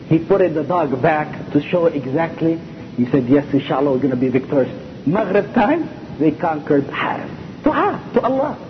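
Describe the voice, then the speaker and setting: A man preaching a sermon with speech, telling stories animatedly and repeating phrases for emphasis. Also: sits high. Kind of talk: sermon storytelling. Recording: dull lo-fi lecture recording with faint hiss.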